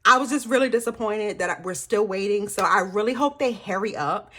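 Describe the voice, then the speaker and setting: A woman, chatting casually to viewers as a planner vlogger, animated and slightly hoarse. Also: mid-range voice, a little fast. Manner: chatty, animated storytelling with frequent laughs.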